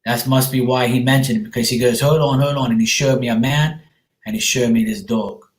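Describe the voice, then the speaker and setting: A man talks casually and reassuringly, giving a medium's reading to a viewer and calling her sweetheart. His voice sits at an ordinary pitch for a man. The room around him is echoey. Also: fairly even intonation, fairly quick. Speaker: psychic medium.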